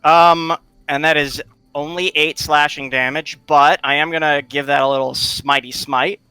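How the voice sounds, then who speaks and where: Bright-voiced playful male player. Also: on the high side, fairly even intonation, clear, resonant tone, dry recording. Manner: playful, quick rules talk. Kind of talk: casual tabletop game chat.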